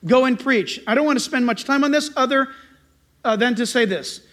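A middle-aged pastor preaching a sermon, telling stories in an animated way and acting out loud greetings. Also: male voice, extremely high pitch, normal speed.

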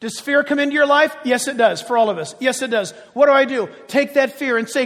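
An older male pastor preaching a sermon, passionate and emphatic, then dropping into quiet chatty asides. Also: very high voice, a little fast, hardly any pauses. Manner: impassioned, swinging from loud emphatic cries to quiet chatty asides. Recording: long reverb of a large hall.

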